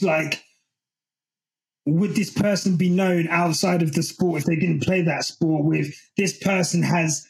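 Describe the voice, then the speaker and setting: A man hosts a casual podcast chat in a fairly high voice with a strong gravelly fry. He rambles a little, restarting sentences as he goes. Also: rough recording. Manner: chatty, many fillers and restarts. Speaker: podcast host.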